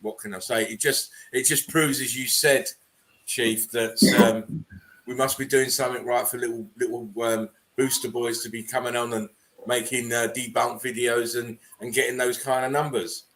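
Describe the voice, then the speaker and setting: A man's voice: mid-range voice, flat delivery, normal speed, a bit bright. Man, casual stream host, loose rambling chat, plenty of fillers. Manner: loose, repetitive, with frequent "um" and "uh". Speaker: livestream host.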